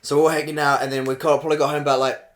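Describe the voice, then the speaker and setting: A young man from New Zealand with a New Zealand accent, co-hosting a podcast and telling a story in casual chat, getting animated and laughing as it goes. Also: on the high side, rapid-fire. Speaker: podcast co-host.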